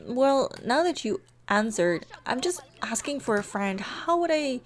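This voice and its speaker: A woman voicing a nervous, evasive young woman who stammers and rushes her words. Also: expressive. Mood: flustered. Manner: stammering, rushed, high-pitched.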